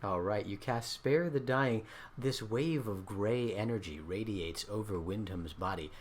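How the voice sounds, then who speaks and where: A man narrating a tabletop game as dungeon master, playful and animated, often laughing. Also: fairly low pitch, unhurried.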